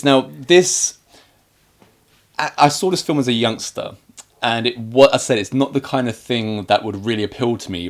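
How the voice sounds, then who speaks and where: A man co-hosting a casual film review, chatty and joking, acting out scenes with quoted lines. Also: mid-range voice. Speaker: podcast co-host.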